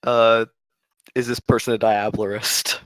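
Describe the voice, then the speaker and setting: A man playing a tabletop game, calmly stating his character's moves and questions. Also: on the low side, a little slow, dry recording, poor audio. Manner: matter-of-fact. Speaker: player. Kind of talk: casual tabletop play.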